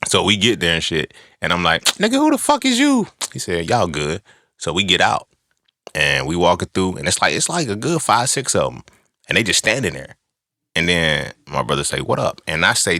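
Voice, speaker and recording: A man's voice: low-pitched, dry recording, studio quality. A young man telling a personal story in a casual, profane monologue, acting out what people said. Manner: animated, profane storytelling with acted-out quotes. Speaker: podcast host.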